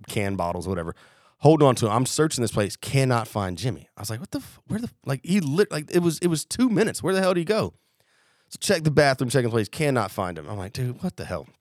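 Profane, animated young man telling stories. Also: medium pitch, no echo, clean studio sound. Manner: animated, profane, acts out quotes. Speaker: podcast co-host. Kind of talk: casual storytelling.

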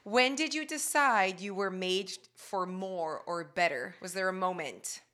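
A woman co-hosting a podcast who chats casually and cheers on her guest with quick reactions. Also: medium pitch. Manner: warmly encouraging, quick reactions. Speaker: podcast co-host. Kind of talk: casual interview chat.

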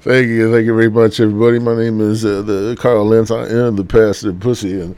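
A man doing an impression of a crude, boastful womanizing male pastor who rants loudly in a husky voice. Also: fairly low pitch, level tone, a little fast, no room sound, lightly acted. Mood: ranting, swaggering. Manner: loud, crude, ranting.

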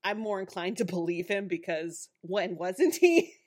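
A woman's voice: on the low side, very animated, unhurried, darkish tone. A woman co-hosting a podcast, chatting casually about a TV episode, laughing often and acting out characters' lines. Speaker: podcast co-host. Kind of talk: casual chat recapping a TV episode.

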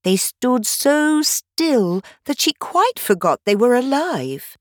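Expressive woman reading a storybook. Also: high-pitched, slow pace, no room sound, clean studio sound. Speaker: volunteer reader. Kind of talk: audiobook narration of a classic novel.

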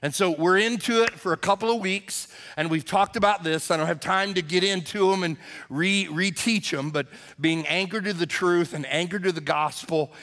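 A man's voice: sits high, moderate pace, a bit bright. A male pastor preaching a sermon, emphatic and repeating words as he stresses his points.

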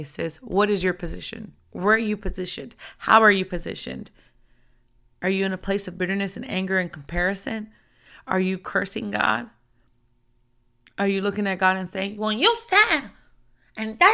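Female preacher, gravelly edge and bright tone, fervent and chatty, builds to shouting. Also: mid-range voice. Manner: fervent, conversational, rising to shouts. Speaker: ministry preacher. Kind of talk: impassioned devotional talk. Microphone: handheld microphone.

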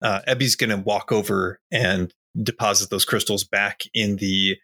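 A man's voice: fairly low pitch, fairly even intonation, normal speed, bright, forceful tone. A man playing in a tabletop role-playing game, talking casually and agreeably. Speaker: player.

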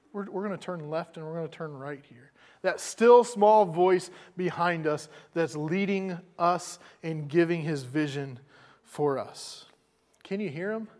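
A man's voice: sits high, big-room sound. A man preaching a sermon as pastor, conversational, repeating words as he goes.

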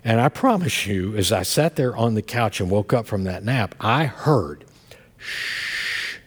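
A middle-aged male pastor preaching and telling a story to his congregation, swinging between soft murmurs and loud outbursts. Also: on the low side, lively intonation, moderate pace, husky. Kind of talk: sermon. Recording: long hall reverb.

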